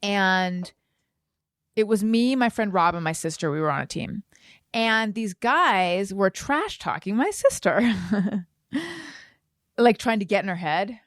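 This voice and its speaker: Animated woman telling a story. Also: medium pitch, unhurried, pauses often, no room sound, clean studio sound. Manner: animated storytelling, acts out quotes loudly. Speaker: podcast co-host. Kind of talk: casual chat.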